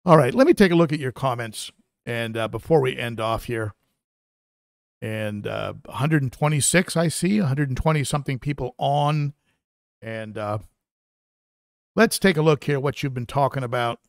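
A man's voice: medium pitch, moderate pace, gravelly, long pauses, dry recording, clean studio sound. Rambling man hosting a live stream. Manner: rambling, lots of fillers and restarts. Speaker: aquarium channel host. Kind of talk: casual live stream chat.

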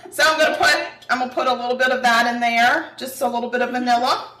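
Folksy woman host demonstrating a recipe, a touch high-pitched, recorded roomy and distant in a home kitchen. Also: steady tone, quick pace, bright, forceful tone, faint music behind. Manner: chatty and jokey, folksy phrasing. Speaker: cooking show host. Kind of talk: casual cooking demonstration chat. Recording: roomy sound from far off, faint noise.

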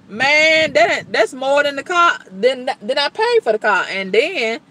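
A woman's voice: high voice, sing-song, slow, bright, forceful tone, slight background noise. A woman venting to the camera in a blunt, emphatic, colloquial way, with repeated exclamations and exasperated storytelling. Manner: colloquial, blunt talk with cussing. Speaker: vlogger.

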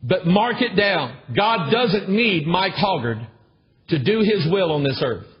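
Husky preacher pressing his point. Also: high voice, expressive, a little slow. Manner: emphatic, repetitive, calls for amens. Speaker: pastor. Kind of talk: sermon. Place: church with a congregation. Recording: dull lo-fi recording.

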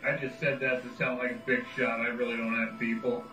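A man's voice: medium pitch, little pitch movement, fairly quick, bright, forceful tone, faint music behind. A man guesting as a band member on a radio interview, wry and self-mocking. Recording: roomy, distant sound.

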